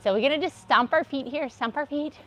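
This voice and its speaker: A woman's voice: sits high, fairly quick, a bit bright. A woman leading a live wellness and laughter yoga class, upbeat, encouraging and playful as she guides stretches and breathing. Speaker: wellness instructor. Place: livestream.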